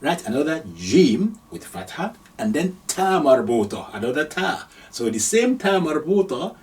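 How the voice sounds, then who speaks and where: A man's voice: on the high side, sing-song, measured pace, recorded from a distance, a little hiss or hum. A man from Nigeria teaching Arabic letters step by step, patiently repeating each sound and chuckling now and then. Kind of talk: slow step-by-step lesson.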